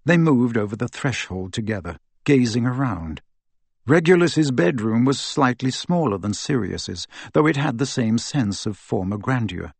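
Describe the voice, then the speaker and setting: A man reading a novel aloud as audiobook narrator, in a lively storytelling manner. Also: mid-range voice, dry recording. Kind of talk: scripted narration.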